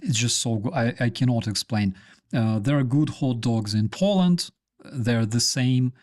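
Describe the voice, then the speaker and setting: A man's voice: mid-range voice, unhurried, darkish tone. A man hosting a live stream, rambling casually with many fillers and restarts.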